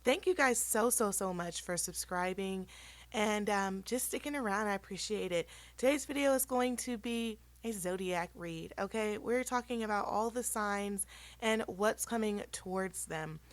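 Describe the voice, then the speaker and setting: A woman hosting a casual tarot reading, chatty and rambling with many ums, her voice slightly hoarse. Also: medium pitch, normal speed, dry recording. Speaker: tarot reader and channel host.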